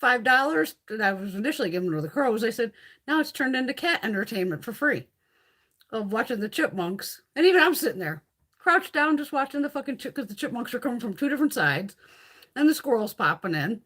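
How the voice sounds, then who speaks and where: A woman's voice: fairly high pitch, very animated, brisk, fairly bright tone. Chatty, foul-mouthed woman livestreaming. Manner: chatty, profane, reads and answers viewer comments. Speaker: livestream host. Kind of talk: casual livestream chat.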